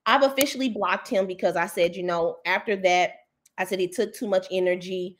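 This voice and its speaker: An animated woman on a casual talk show, telling a story with indignant, mocking asides. Her pitch sits mid-range for a woman but leaps up whenever she quotes someone else. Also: brisk. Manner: animated storytelling, jumps higher when quoting others.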